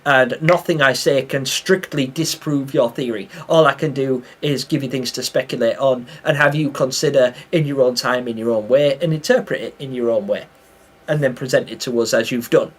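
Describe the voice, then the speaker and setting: A man's voice: medium pitch, moderate pace. A young British man streaming a game live, chatting casually, reading the chat aloud and laughing often.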